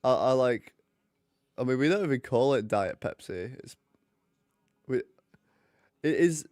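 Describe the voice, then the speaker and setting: A man's voice: medium pitch, animated, moderate pace, a little mellow, dry recording, studio quality. A young man chatting and joking casually while hosting a live hockey watch party. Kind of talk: casual live commentary and chat.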